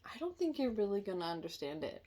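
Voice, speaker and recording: A woman talks through a casual tarot reading, her voice swinging widely in pitch as she goes. She is chatty and quick to laugh, often breaking off to apologize or correct herself. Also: big pitch swings, mellow, slight background noise. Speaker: tarot reader.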